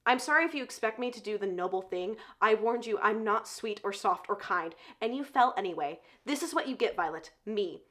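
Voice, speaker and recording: A woman voicing a brooding young male warrior as she reads his lines, in a low, hushed, intense way. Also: animated, a little fast, hardly any pauses, lightly acted. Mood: tender.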